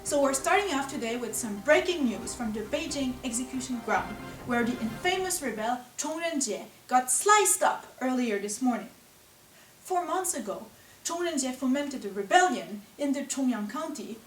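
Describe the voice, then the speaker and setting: A woman hosting a mock news show, presenting in a bright, scripted anchor style. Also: high voice, slightly rough, poor audio.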